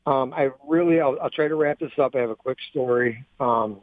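A man in his thirties calling in to a radio show, telling a personal story in a halting, emotional way with many restarts. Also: medium pitch. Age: 30s. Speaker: caller. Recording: tinny phone line.

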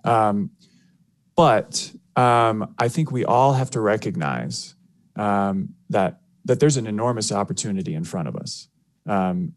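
Male author being interviewed, low voice, deliberate, dry sound. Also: lively intonation, no room sound. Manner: measured, many fillers and restarts. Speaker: guest author, civil rights attorney. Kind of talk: radio interview.

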